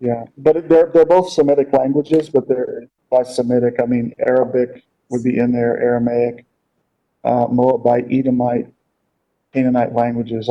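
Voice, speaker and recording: In an informal Bible class, the male teacher talks at a medium pitch in a hesitant way, repeating words and relying on many fillers. The recording is lo-fi and dull.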